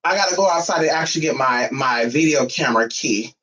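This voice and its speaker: A man vlogging casually from home, sassy and profane, cooing baby talk at his dog, his voice a little hoarse. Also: fairly high pitch, brisk, bright, forceful tone, highs cut off. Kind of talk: casual chat to camera.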